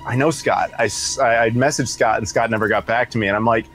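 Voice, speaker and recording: A man's voice: mid-range voice, fast talker, soft background music. A man co-hosting a podcast, telling an anecdote in casual chat and acting out what others said. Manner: animated, acts out others' voices. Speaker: podcast co-host.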